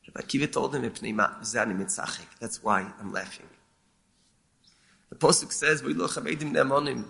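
A man teaching as a rabbi, explaining a lament text in a measured, halting way and often repeating words. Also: medium pitch, vocal fry, fairly bright tone. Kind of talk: explaining a lament text, mixing Hebrew terms.

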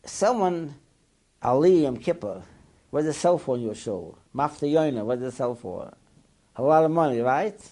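Male Torah teacher, lively up-and-down delivery, peppers English with Hebrew terms. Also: a little high, normal speed. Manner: animated, asks the listeners rhetorical questions. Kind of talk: Torah class lecture.

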